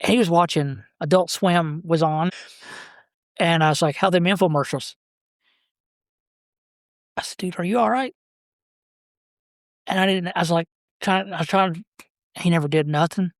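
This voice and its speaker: A man, a podcast guest telling stories about his brother in a halting, rambling way. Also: on the high side, no echo, studio quality. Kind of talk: casual storytelling.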